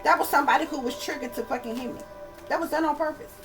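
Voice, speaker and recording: A woman with a fairly high voice rants straight to her viewers, swearing freely and hammering her points with repetition. She keeps turning to her audience as y'all. Faint music plays behind her. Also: fast, low-quality recording. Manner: profane, emphatic, repetitive, addresses viewers as y'all. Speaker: channel host and psychic reader. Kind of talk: casual rant to camera.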